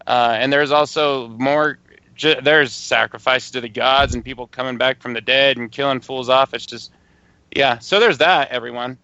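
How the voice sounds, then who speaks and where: A man's voice: medium pitch, fairly even intonation, moderate pace, sharp tone, clear, resonant tone, dry recording. A man co-hosting a casual wrestling podcast, dry and dismissive as he talks. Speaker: podcast co-host. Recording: dry dull lo-fi audio.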